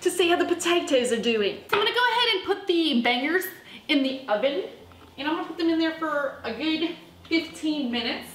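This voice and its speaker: A woman's voice: high voice, expressive, a little fast, fairly bright tone, a little hiss or hum, voice pushed up. A woman putting on a playful, hammy British accent while cooking in an echoey kitchen.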